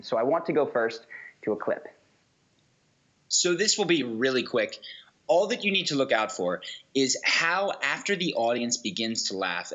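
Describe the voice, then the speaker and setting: A man's voice: medium pitch, fairly bright tone, poor audio. A man giving a recorded course lecture, explaining with acted-out examples. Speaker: communication instructor.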